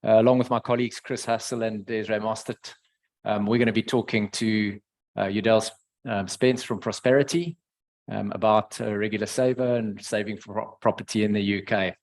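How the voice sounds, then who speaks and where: A man's voice: lowish voice, fairly even intonation. South African man hosting a webinar. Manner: hesitant, many pauses. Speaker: webinar host. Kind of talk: webinar moderation.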